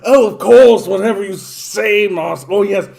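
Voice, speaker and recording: A groveling male servant, all bows and "yes, master," simpering and eager to please, as a man puts him on. He pitches his voice up high above his usual speech and pushes it out loud, so the fawning carries. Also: normal speed, vocal fry. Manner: simpering and obsequious.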